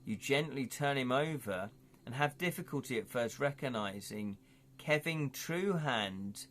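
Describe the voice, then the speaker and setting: His medium-pitched voice is a little bright and animated, though the pace runs slightly slow. The British streamer reads an adventure gamebook aloud in a casual session, rambling and joking, pausing to chat and laugh, and stumbling and restarting on words.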